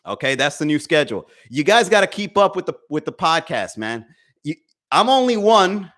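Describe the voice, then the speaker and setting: A man hosts a live comedy podcast from home, talking into a desk mic. His voice sits a little high for a man, and he swears freely while calling out chat viewers by name. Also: normal speed. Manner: profane, animated, talks to chat viewers. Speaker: podcast host. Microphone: desk microphone.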